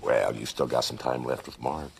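An actor playing a wise, philosophical middle-aged neighbor in a sitcom, thoughtful and erudite. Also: male voice, rumbling low, steady tone, normal speed, creaky, husky, heavily acted. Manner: thoughtful, erudite, gently advising.

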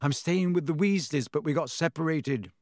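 A man's voice: a little high, normal speed, darkish tone, no room sound, clean studio sound, lightly acted. A man voicing a nervous, earnest young schoolboy wizard in a storybook reading. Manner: jumpy, earnest.

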